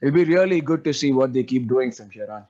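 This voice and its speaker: A man in casual podcast chat, talking at a middle pitch and rambling with plenty of fillers. His voice comes through slightly dull and lo-fi, like a home podcast recording. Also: expressive, fast talker, dark tone. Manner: rambling, sprinkles fillers like "like, you know". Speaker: podcast co-host.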